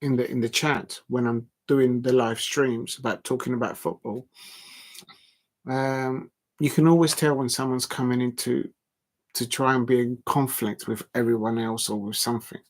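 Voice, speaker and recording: A man's voice: mid-range voice, fairly even intonation, moderate pace. A man, hosting a casual live stream, talking in a rambling, blunt way with many ums and restarts. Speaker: livestream host.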